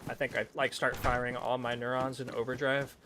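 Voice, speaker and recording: Man, gaming streamer, casual rambling chat, self-deprecating, mumbled asides, mid-pitched voice, noisy background. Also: level tone, a little fast. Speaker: streamer playing a role-play game.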